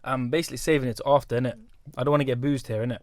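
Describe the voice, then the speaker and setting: A man, a guest on a casual podcast, telling animated stories with slang. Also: medium pitch, dry recording. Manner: quick, animated storytelling with slang. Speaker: podcast guest, personal trainer. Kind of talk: casual chat.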